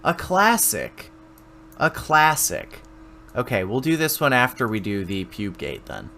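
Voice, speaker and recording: A male streamer who talks in a slow, drawn-out way, swearing freely and mid-pitched. He chats loosely over a faint hiss. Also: very animated, bright, forceful tone. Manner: slow, drawling, crude. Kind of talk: casual stream chat.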